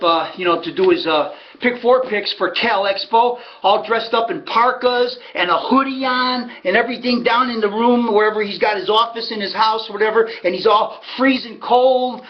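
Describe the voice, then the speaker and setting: Heard through a muffled recording, a high-pitched middle-aged American man rambles casually, telling stories sprinkled with folksy asides. He hosts and handicaps horse races, and his manner is that of a chatty storyteller.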